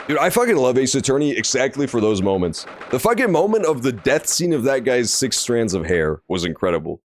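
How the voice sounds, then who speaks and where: A man streaming a game, talking excitedly and profanely and mock-scolding his chat. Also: mid-range voice, brisk. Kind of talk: let's play commentary.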